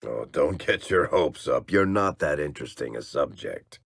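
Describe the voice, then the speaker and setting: Sarcastic and wry, a middle-aged dwarf narrator trades barbs with his companions, his husky, gravelly voice pitched extremely low as he lingers over his lines. The delivery is animated and exaggerated at normal speed, recorded for a game with no echo at all.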